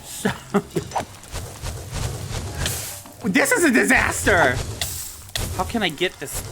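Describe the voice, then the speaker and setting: Exasperated gamer with lively pitch. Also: very slow, vocal fry, pauses often, music in the background. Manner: exasperated, talks to the game mobs, swears mildly. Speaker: Minecraft let's-play creator. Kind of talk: live gameplay commentary.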